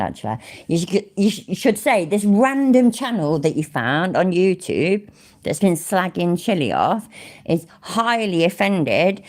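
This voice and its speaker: A woman's voice: lowish voice, darkish tone. A woman hosting a live stream, chatting and reacting with sweary, laughing, mock-offended banter. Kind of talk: casual live-stream commentary.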